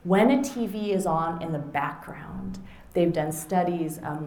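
A middle-aged woman author giving a conversational talk to an audience, animated and acting out little quoted exchanges. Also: low-pitched. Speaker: author and speaker. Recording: roomy echo.

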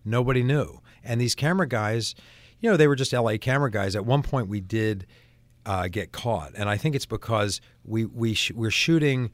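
A man, an actor and interview guest, telling a lively story in casual talk with many restarts. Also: mid-range voice, moderate pace, dry recording.

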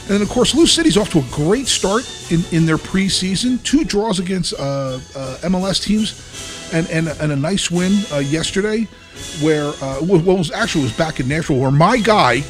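A man hosting a casual podcast, talking in an animated, joking way with lots of fillers. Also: high-pitched, normal speed, faint music behind. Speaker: podcast host.

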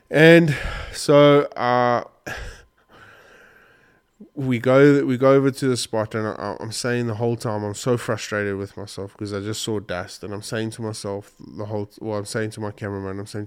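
A man vlogger tells a hunting story to camera, his voice on the low side with fairly even intonation, a normal pace and a clean tone. He is choked up and sniffly, rambling emotionally and restarting as he goes, in a casual storytelling style.

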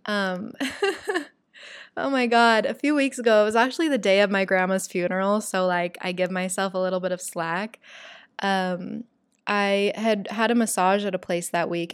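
A young woman talks casually to her listeners, chatty and animated, acting out the voices in her story. Her pitch sits in a middle range. The recording is dry, with no room sound. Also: smooth, no room sound.

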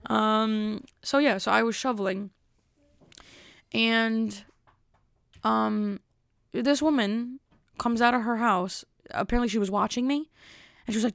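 A woman's voice: medium pitch, fairly even intonation, normal speed, creaky, clean tone, dry recording, studio quality. A young woman casually telling a rambling story, full of fillers and exasperation. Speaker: vlogger.

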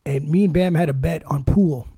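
A man's voice: on the high side, moderate pace, breathy edge, dry recording. A man hosting a podcast, telling stories in casual, profane chat. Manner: swearing, storytelling, animated. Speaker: podcast host.

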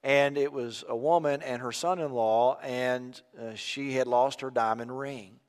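An older man preaching a sermon as pastor, impassioned and rising to loud emphatic peaks. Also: mid-range voice, fairly even intonation, a little slow, clear, resonant tone. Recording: long reverb of a large hall.

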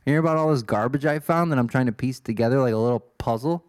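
A man's voice: medium pitch, fast, no echo, studio quality. A man in his twenties from Illinois, rambling through a casual, self-deprecating monologue as a podcast host. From Illinois, USA. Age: 20s. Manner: self-deprecating, swears, wanders off topic.

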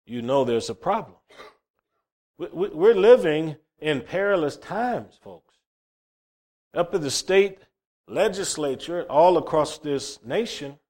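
Fervent preacher man. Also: on the high side. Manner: fervent, rising to loud emphatic peaks; folksy, repeats words when starting phrases. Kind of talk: sermon.

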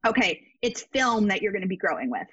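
A woman's voice: mid-range voice, big pitch swings, fast, a bit bright, breathy edge, no room sound, highs cut off. A woman giving a casual psychic reading as a guest, emphatic and repetitive, with many fillers, over a video call.

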